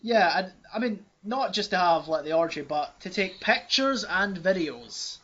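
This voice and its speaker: Rambling podcast host, slightly high. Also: male voice, very animated, moderate pace, pushed and bright. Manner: rambling, self-mocking. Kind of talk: casual chat. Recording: dull lo-fi sound.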